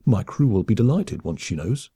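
A man's voice: on the low side, very animated, moderate pace, dark tone, breathy edge, no room sound, clean studio sound, heavily acted. A man voicing a jaunty, cheerfully oblivious male space captain with breezy understatement.

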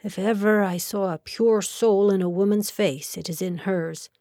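A woman's voice: medium pitch, steady tone, moderate pace, warm tone, no echo, studio quality, natural voice. A woman voicing an eminent older male lawyer, sentimental and easily offended, in an audiobook. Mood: wistful. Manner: husky, indignant.

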